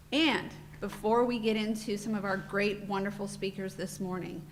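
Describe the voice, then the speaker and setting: A woman's voice: mid-range voice, slight background noise. Woman giving heartfelt conference welcome. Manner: warm, heartfelt, a bit off-script and emotional. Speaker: board president giving welcome remarks. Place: hotel conference room.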